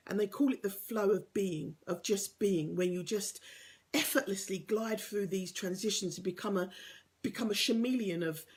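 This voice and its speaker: Husky woman coaching earnestly. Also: on the high side, darkish tone. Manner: earnest, encouraging, drops to a whisper for emphasis. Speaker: life coach. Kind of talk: motivational talk to camera.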